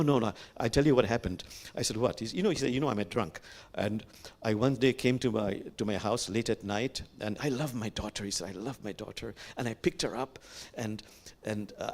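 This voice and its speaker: Older man, Bangladeshi accent, imam giving a sermon, gentle storytelling, lively rising and falling pitch, middle voice. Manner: gentle, animated storytelling with pauses and fillers. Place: sanctuary.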